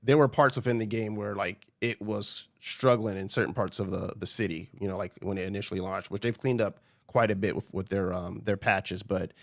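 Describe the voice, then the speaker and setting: A man's voice: on the low side, steady tone, brisk, creaky, few pauses, dry recording, clean studio sound. An American man hosting a casual podcast, rambling and restarting his sentences. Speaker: podcast host.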